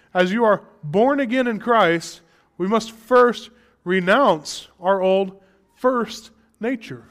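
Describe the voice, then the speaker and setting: A young man preaching from the pulpit with a notably high voice. He talks candidly and conversationally, then presses hard on his main points. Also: a bit bright. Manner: candid, conversational, with rising emphatic passages. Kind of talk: sermon.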